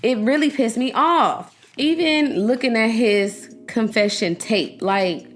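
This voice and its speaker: A young woman hosting a podcast, giving animated, outspoken commentary straight to her listeners. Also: on the high side, takes it slowly. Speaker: podcast host. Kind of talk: casual commentary to her audience.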